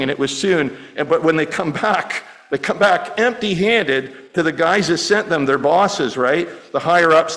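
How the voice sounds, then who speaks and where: A man's voice: on the high side, a bit bright, low-quality recording. A middle-aged man preaching a sermon as pastor, conversational and often repeating words as he restarts.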